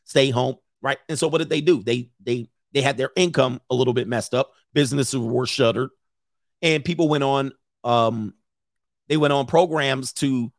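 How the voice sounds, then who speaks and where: A man's voice: medium pitch, normal speed, no echo, clean studio sound. A middle-aged man hosting a casual stream, reading viewer comments and giving blunt, rambling opinions.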